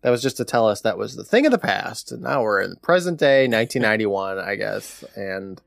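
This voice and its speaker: A man's voice: on the low side, a little fast, creaky, dry recording, clean studio sound. Wry man recapping from his notes. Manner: wry, deadpan retelling with frequent laughs. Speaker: podcast co-host recapping an episode. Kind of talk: casual chat, recapping from notes.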